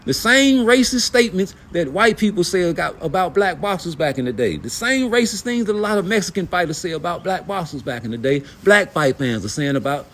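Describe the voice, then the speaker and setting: Middle-aged dude in aave ranting about boxing, cussing, firing off questions, lively swingy voice. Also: male voice, high voice, brisk, hardly any pauses. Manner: blunt, profane, animated, rhetorical questions. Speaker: boxing commentary host. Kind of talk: heated casual rant.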